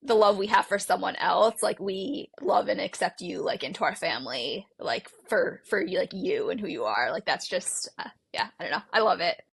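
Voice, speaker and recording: A woman's voice: mid-range voice, animated, moderate pace, creaky, hardly any pauses, fairly bright tone, husky, no room sound. A woman guest on a book podcast, talking casually in a rambling way, full of fillers and restarts. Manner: rambling, heavy use of "like", many restarts.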